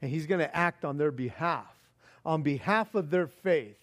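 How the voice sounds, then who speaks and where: A pastor preaching a sermon, animated and expressive, swinging between loud emphasis and hushed asides, often repeating words. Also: male voice, fairly high pitch, moderate pace.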